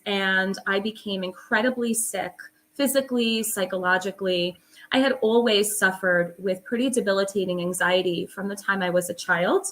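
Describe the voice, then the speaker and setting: A woman's voice: mid-range voice, bright, forceful tone. A middle-aged woman, a guest on an interview show, telling her personal story in an earnest, emphatic way.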